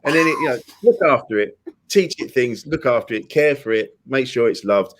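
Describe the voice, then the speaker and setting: Male comedian guest, casual, jokey, lively storyteller. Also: medium pitch, normal speed. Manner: animated, jokey, acts out inner voices. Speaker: comedian and podcast host, guest. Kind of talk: casual chat.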